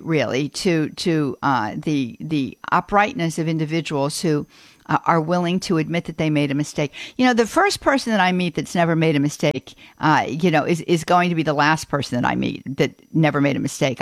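A woman hosting a Catholic call-in radio show, chatty and quick to affirm her callers. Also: on the low side, no room sound, studio quality.

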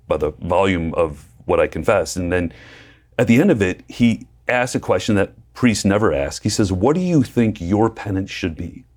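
A man, a preacher and guest, telling his faith story in a lively way, acting out quotes and laughing often. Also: low-pitched. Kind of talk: personal testimony in conversation.

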